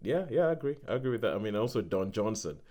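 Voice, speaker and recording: A man with a fairly low voice hosts a casual film podcast. He rambles through his points, restarting sentences and laughing as he goes. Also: very animated, fast talker, warm tone. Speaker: podcast host.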